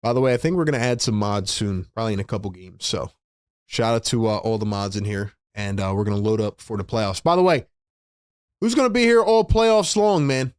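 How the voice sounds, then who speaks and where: Excitable man calling a game live. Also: fairly low pitch, a little fast, clean tone, no echo, studio quality. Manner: excitable, frustrated fan talk with slang. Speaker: livestream host doing fan play-by-play. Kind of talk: casual live-stream play-by-play and fan reaction.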